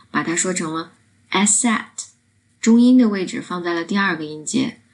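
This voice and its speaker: A woman teaching pronunciation, explaining each step clearly and demonstrating the sounds. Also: fairly low pitch.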